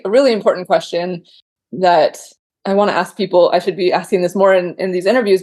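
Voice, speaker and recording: A woman's voice: mid-range voice, a little mellow. Female podcast host, pregnant, gushing and emotional, laughs readily. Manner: effusive, emotional, laughs often. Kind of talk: conversational interview.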